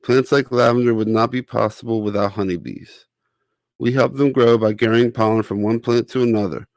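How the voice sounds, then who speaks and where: A man's voice: mid-range voice, steady tone, a little fast, no room sound, natural voice. A man voicing a friendly female queen honeybee in a children's storybook, speaking in a patient, teaching way. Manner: patient, instructive storybook speech. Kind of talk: reading a children's picture book aloud.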